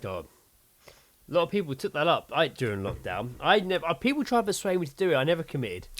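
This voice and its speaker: A man's voice: fairly high pitch, fast. A man co-hosting a podcast in casual chat, tired and laughing often. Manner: animated, laughing, self-mocking. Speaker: podcast co-host.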